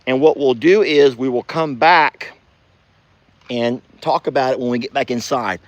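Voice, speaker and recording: A man's voice: mid-range voice, measured pace, dry recording. A man with a Southern US accent, chatting folksily to viewers in a casual outdoor ranch vlog. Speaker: ranch vlogger. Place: outdoors on a farm pasture.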